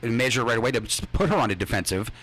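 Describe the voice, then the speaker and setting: A man's voice: mid-range voice, expressive, rapid-fire, a bit bright, husky, rough recording. A man co-hosting a casual chat, blunt and argumentative, swearing as he pushes his point.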